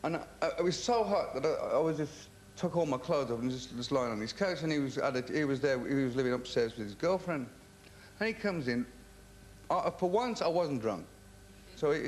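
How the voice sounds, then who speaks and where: A man's voice: medium pitch, a little hiss or hum. A man from England, a rock singer as a TV interview guest, telling rambling comic anecdotes full of stammered restarts.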